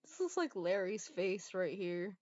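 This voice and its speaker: A woman's voice: mid-range voice, very animated, a little slow, a little mellow, dry recording, lo-fi sound. A woman streamer reading fanfiction aloud in a casual way, stumbling over words and giggling.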